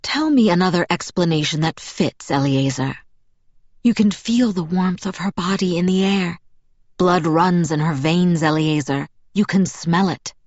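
A woman reading an audiobook, voicing a calm and persuasive male vampire with a smooth, velvety tone. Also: lowish voice, dry recording. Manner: measured, patient, firm. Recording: dull, dry audiobook recording.

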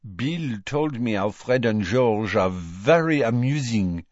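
A man's voice: mid-range voice, expressive, darkish tone, no room sound, lo-fi sound. A man voicing a serene, complacent young foreign witch who speaks smugly and without hurry, in an audiobook. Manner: smug, unhurried.

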